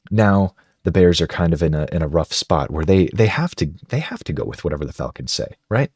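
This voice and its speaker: A man with a deep, low-pitched, slightly husky voice talks through football draft scenarios in a chatty way. He thinks out loud as he goes, and the recording is dry and close with no room sound. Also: lively intonation, brisk, hardly any pauses, dry recording. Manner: chatty, conversational, thinks aloud. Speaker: sports video host. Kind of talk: casual football draft analysis.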